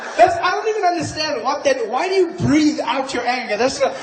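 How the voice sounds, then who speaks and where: A man performing stand-up in a large live venue, lively and loud in bursts. His voice sits high for a man. Clear crowd noise runs under the stage recording. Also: a little fast. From South Africa. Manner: animated, shifting between shouts and mutters. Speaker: stand-up comedian. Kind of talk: stand-up comedy set.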